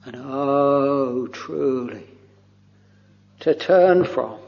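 A man preaching a devotional sermon, very slow and halting, with long pauses and soft trailing phrases. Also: medium pitch, slight background noise. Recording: dull lo-fi recording with long hall reverb.

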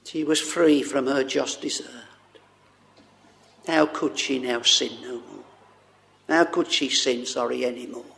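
Slow, gravelly-voiced male preacher. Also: medium pitch, fairly bright tone. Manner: slow, halting delivery with many fillers and fervent "oh"s. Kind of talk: sermon.

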